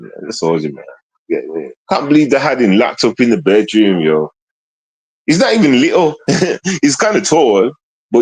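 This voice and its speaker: A man's voice: mid-range voice, a little mellow, slightly rough, no room sound, poor audio. Dry-voiced man rambling on a stream. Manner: loose, repetitive street slang with frequent tag questions. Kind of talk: rambling casual livestream chat. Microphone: streaming mic.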